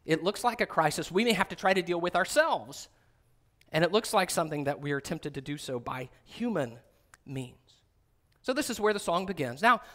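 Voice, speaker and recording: A middle-aged man preaching a sermon, reading scripture and acting out quoted voices with big jumps in pitch. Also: fairly bright tone. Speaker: pastor.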